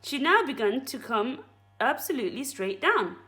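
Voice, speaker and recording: A woman teacher reading a children's book aloud at story time, friendly and expressive. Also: high-pitched, normal speed.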